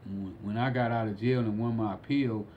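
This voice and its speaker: A man's voice: on the low side, fairly even intonation, fairly quick, dull audio, slight background noise. A man who is a podcast guest, talking unhurriedly with many fillers and restarts. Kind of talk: casual conversation.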